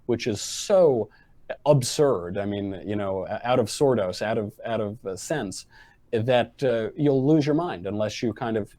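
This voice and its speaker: A man appearing as a podcast guest, talking in a wry, deadpan style with plenty of fillers. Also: fairly low pitch, a little slow, no echo. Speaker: guest commentator. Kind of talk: casual chat.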